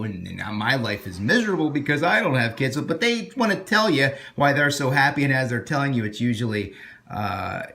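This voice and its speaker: A man's voice: medium pitch, fairly bright tone. A man talking casually into his phone as a vlogger and stand-up comic, rambling and self-deprecating with many restarts. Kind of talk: casual vlog talk.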